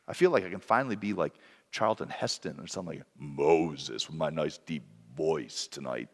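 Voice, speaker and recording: A man's voice: a bass voice, animated, moderate pace, big-room sound. A man preaching a sermon in an earnest, reflective way, sometimes correcting himself mid-sentence.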